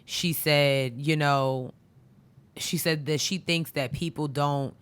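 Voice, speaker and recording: A woman's voice: sits low, fairly even intonation, slow pace, clean tone. A woman co-hosting a podcast in casual chat, talking in a reflective, conversational way and pressing hard on key points. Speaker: podcast co-host.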